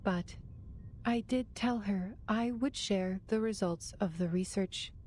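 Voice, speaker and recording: A man doing a gentle, earnest robot. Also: high voice, slow, slight background noise, pitched above the performer's own voice.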